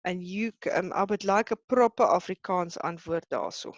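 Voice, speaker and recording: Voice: medium pitch, normal speed, dry recording, dull audio. Hesitant online teacher. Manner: hesitant, many fillers, reassuring tone. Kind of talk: live online lesson.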